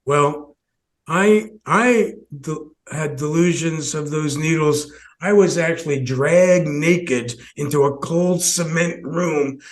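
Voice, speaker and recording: A man's voice: a little high, steady tone, slow pace, hardly any pauses. A man who hosts a podcast, telling a personal story with many restarts and short laughs. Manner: rambling, many restarts, laughs between phrases. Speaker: podcast host.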